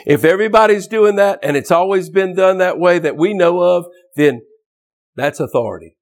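A man's voice: sits high, normal speed. A man preaching a fervent, emphatic sermon, often restarting and repeating words as he drives his points home.

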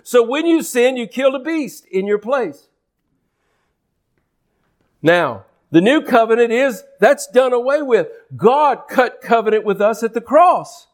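Male preacher, high voice, fervent sermon delivery with repeated phrases and acted-out quotes. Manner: impassioned, repeats and restarts phrases, acts out quoted speech.

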